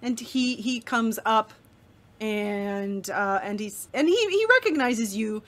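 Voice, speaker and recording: A woman running a tabletop game as game master, narrating the scene in a lively storytelling way. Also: mid-range voice, slow pace.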